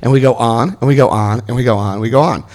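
A man in his fifties giving personal testimony at a recovery meeting, an animated storyteller who jokes and jumps into high voices for quotes. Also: fast talker. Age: 50s.

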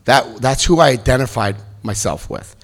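Speaking at a moderate pace, this fifty-something man tells his recovery story to a meeting. His delivery is animated and funny, and quotes come out in squeaky high voices.

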